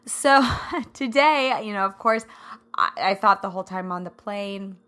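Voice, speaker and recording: Woman host, Midwest-raised, solo podcast chatter; bubbly, laughs a lot, slightly scratchy hoarse throat, bright sharp tone. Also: medium pitch, a little slow. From American Midwest. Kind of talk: casual solo podcast chat.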